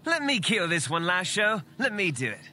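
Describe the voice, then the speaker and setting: A man's voice: sits high, sing-song, moderate pace, pushed and bright, full character voice. An actor voicing a hateful, bloodthirsty male Sith thug who is eager and hostile, heard through noisy game audio.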